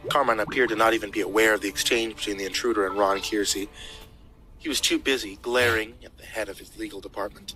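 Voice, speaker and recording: Man narrating a dark thriller. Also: lowish voice, fairly even intonation, fast, over music. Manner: dramatic storytelling. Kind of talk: audiobook narration.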